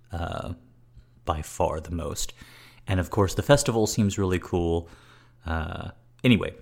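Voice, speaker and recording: Deep-voiced playful male podcast host. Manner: wry, playful and flirty. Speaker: podcast host answering listener questions. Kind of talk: casual chat.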